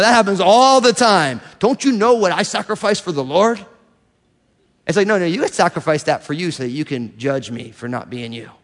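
A middle-aged male pastor delivering an animated sermon, acting out the voices of churchgoers as he preaches in a church hall. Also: on the high side.

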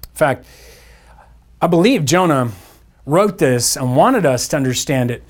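A man's voice: a little high, lively intonation, measured pace. Conversational male pastor preaching. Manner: conversational preaching with playful asides. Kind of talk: sermon. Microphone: church podcast mic.

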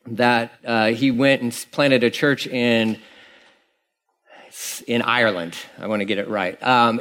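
A man's voice: medium pitch, a bit bright. A man, a pastor, preaching a conversational sermon in a casual, rambling storytelling manner with many fillers and restarts.

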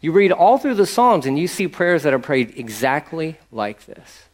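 A man preaching a sermon in a lively, conversational way, acting out little asides. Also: on the high side, normal speed. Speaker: pastor.

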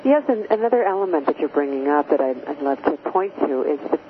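A woman's voice: sits low, expressive, quick pace. A woman hosting an interview, asking questions and affirming her guest's points. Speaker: interview host. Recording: tinny phone line with noise.

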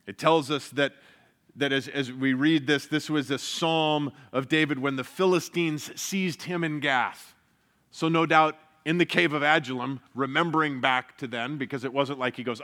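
A man preaching a sermon in an earnest way, dropping to a hush for emphasis and rising when he stresses a point. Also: medium pitch. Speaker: pastor.

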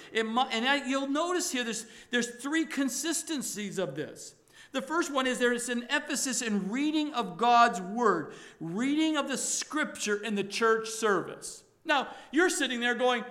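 A male pastor preaching a sermon to his congregation, emphatic and rising to loud exhortation. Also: very high voice.

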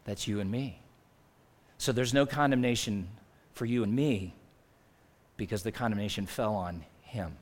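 A man preaching a sermon in a conversational way, rising to loud emphasis and dropping to near-quiet asides. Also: fairly low pitch, normal speed, long pauses. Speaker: pastor.

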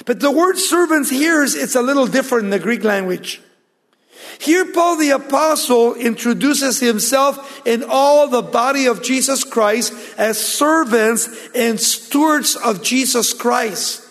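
A man preaching a sermon as pastor, emphatic and slowing down to stress key words. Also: very high voice, fairly bright tone. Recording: long reverb of a large hall.

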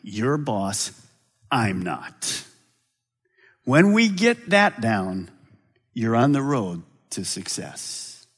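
A man preaches as pastor of a large church, his delivery dramatic as it swings from loud, high calls to quiet, low drops. His voice is slightly rough with big pitch swings, and he speaks very slowly with frequent pauses.

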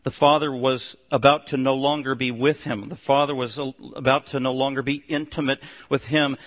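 Male pastor, higher-pitched, emphatic sermon delivery with hushed drops; long hall echo. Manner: emphatic, swings between loud declarations and low hushed stretches.

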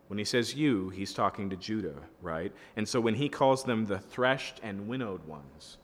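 In a lowish, slightly bright voice, a man teaches a Bible study as pastor, reading verses and explaining them conversationally while regularly checking in with his audience. It's an expository sermon built on scripture reading, and the recording has a long reverb tail.

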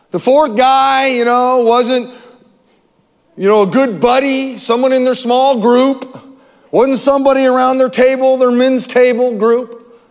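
A male pastor preaching a sermon in an animated way, acting out scripture voices and dropping from loud to hushed. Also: very high-pitched, big-room sound.

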